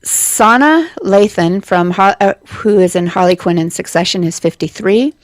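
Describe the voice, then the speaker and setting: A woman's voice: mid-range voice, moderate pace, no room sound. A middle-aged woman co-hosting morning radio, chatting and reading lists conversationally in a studio. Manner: conversational, reads lists, trails off. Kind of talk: casual radio chat. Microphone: studio mic.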